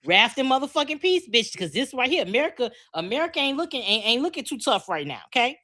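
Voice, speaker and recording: A woman rants on a podcast in a high, bright voice that swings wildly up and down. She is brash and profane, circling back to the same phrases over and over. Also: very animated, fast talker. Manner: brash, profane, repeats herself. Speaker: podcast co-host. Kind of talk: loud comedic rant.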